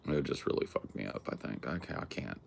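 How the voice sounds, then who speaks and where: A man's voice: a bass voice, lively intonation, a little fast, creaky, a little hiss or hum. A man hosting a livestream, chatting casually with his viewers in a rambling, slangy way with plenty of swearing. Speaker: livestream host. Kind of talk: casual chat with a live chat.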